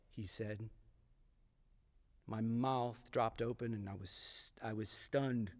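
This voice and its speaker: A man's voice: medium pitch, darkish tone. Man telling a story on a theatre stage. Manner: dramatic pauses, emphatic repetition. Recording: long theatre hall reverb.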